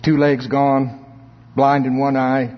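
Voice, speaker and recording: A man preaching a sermon, swelling into emphatic high notes and laughing between points. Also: little pitch movement, slow pace, background noise. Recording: lo-fi reverberant hall recording.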